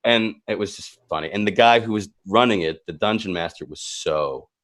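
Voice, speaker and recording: A man's voice: lowish voice, normal speed. A man in his forties from New York, hosting a casual chat and telling a story with lots of laughter. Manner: animated, laughs often, jumps into quoted voices. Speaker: podcast host.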